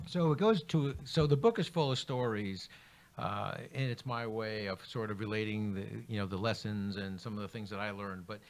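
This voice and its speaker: A man's voice: lowish voice, moderate pace. A middle-aged man, a book author, telling work stories as a radio guest and acting out the dialogue. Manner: animated, acts out quoted dialogue. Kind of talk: interview storytelling.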